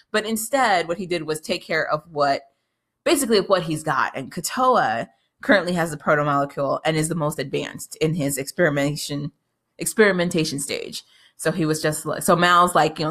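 A woman giving a casual, excitable recap of a TV episode, chatty, with frequent restarts. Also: low voice, fairly quick.

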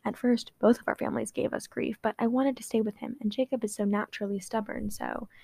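A woman doing a gentle young male vampire with a wobbly British accent. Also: on the high side, steady tone, creaky, dry recording. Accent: put-on British. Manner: halting, stumbling reading.

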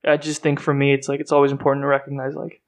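A man from the United States, co-hosting a podcast in casual chat, quick and full of fillers and restarts. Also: mid-range voice, completely flat delivery. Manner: quick, filler-heavy talk with many restarts. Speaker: podcast co-host.

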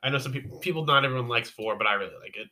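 Fast-talking young man, bright voice. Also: mid-range voice. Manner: quick, filler-heavy casual talk. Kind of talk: casual chat.

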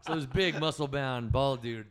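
A man's voice: mid-range voice, moderate pace, clean tone. A man telling stories as a podcast guest in casual chat, rambling, profane and correcting himself as he goes.

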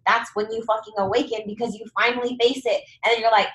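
A woman hosting a casual conversation, animated and encouraging, often acting out inner voices. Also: a little high, quick pace. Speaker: podcast host. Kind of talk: casual chat. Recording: echoey room.

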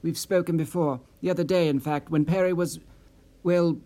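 Eager earnest young man, read by a male narrator, higher voice, rising, hopeful. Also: fairly even intonation, moderate pace, warm tone, lightly acted. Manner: eager, earnest, slightly breathless. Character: eager, anxious young man, associate of a missing man.

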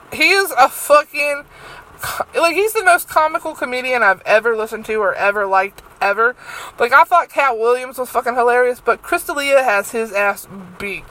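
A woman's voice: on the high side, fairly bright tone, rough recording. A young woman hosting a solo podcast, rambling and swearing freely with lots of fillers. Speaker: podcast host.

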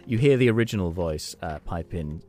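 Deep-voiced man running a tabletop game. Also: lively intonation, brisk, darkish tone. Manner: casual, hesitant, with many fillers. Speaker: game master.

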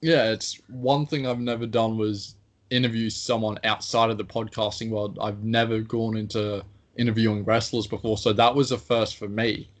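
A man's voice: fairly low pitch, flat delivery, normal speed. A man with a Queensland Australian accent, co-hosting a podcast in a rambling, self-deprecating casual chat. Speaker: podcast co-host.

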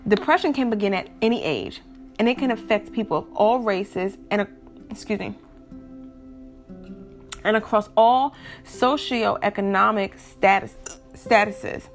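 In a casual vlog, a young woman speaks frankly to her audience at a measured pace, pausing often, her voice sitting in the mid range. Soft music plays underneath, and hiccups interrupt her from time to time.

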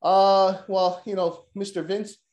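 A man hosting a podcast, joking loudly and swearing in crude, excitable banter. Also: high-pitched, slow, roomy sound. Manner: loud, joking, profane, excitable. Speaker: podcast host. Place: room recorded in person.

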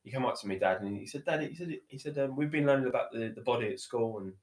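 As a podcast guest, a man tells his story in casual conversation, chatty and rambling warmly, repeating himself and restarting sentences often. He leans on fillers like "you know" and "literally," talking quickly and animatedly in a mid-range voice. A roomy echo is noticeable around him.

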